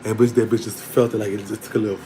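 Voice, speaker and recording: A man's voice: on the low side, racing, noisy background. Candid man telling a story. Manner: animated and candid, breaking into laughter. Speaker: storytelling vlogger. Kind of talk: casual storytelling to an online audience.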